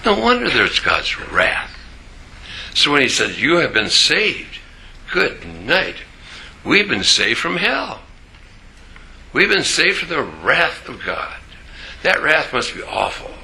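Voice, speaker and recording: Older guy preaching a sermon, real slow, gravelly but bright, lots of pitch swing. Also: wildly swooping pitch. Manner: slow, emphatic preaching with dramatic pauses. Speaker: pastor.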